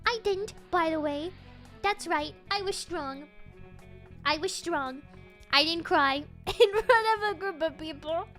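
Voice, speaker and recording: A young woman chats with her stream audience in a high, sweet voice, bubbly and quick to giggle. She takes her time with each line. Soft music plays faintly underneath. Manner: bubbly, giggly, greets chat over and over. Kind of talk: live game stream chat.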